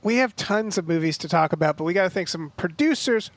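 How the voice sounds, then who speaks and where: A man hosting a podcast, chatting casually about movies with friends, with plenty of halting restarts. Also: sits high, expressive, no room sound. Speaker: podcast host. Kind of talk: casual chat.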